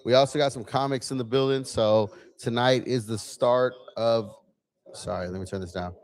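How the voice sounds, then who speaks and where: A man's voice: mid-range voice, fairly even intonation, normal speed, slight background noise. A man hosting a casual livestream from a bar lounge, chatty and laid-back, testing his gear as he talks. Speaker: livestream host.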